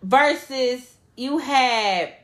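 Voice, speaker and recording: Speaking very slowly in a high voice, a young woman co-hosting a podcast banters casually, cursing freely and laughing often with animated energy. The recording has noticeable room echo.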